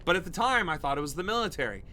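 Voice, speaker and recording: A man's voice: sits high, very animated, racing, bright, forceful tone. A man from the United States hosting a livestream, ranting in profane, sarcastic political commentary. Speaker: political streamer and host.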